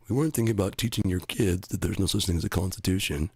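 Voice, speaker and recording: A man's voice: deep voice, quick pace, a little mellow, breathy edge, dry recording. A man ranting sarcastically and profanely, mocking people and slipping into put-on voices. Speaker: comedic commentator. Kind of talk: sarcastic solo rant.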